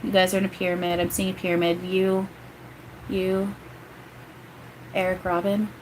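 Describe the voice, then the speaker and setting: A woman's voice: fairly low pitch, level tone, normal speed, slight background noise. A woman giving a casual livestream channeling reading, chatty and rambling, often breaking into laughter. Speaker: psychic medium.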